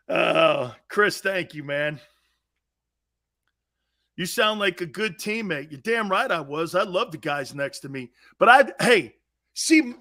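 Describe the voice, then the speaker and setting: A brash, profane man in his fifties hosting a sports talk show, telling loud stories in a casual way. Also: high-pitched. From United States. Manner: brash, profane, storytelling with loud shouted quotes.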